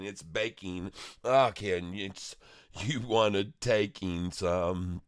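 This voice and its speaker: Goofy guy on a trading livestream, slow talker, smooth clear voice. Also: deep voice. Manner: goofy, rhyming, joking. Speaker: livestream day trader host. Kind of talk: casual livestream chat.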